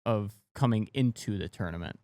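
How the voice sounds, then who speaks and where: A man's voice: lowish voice, darkish tone, dry recording, studio quality. Man explaining golf tours plainly. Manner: informative, slightly halting. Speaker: podcast co-host. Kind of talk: casual explanation.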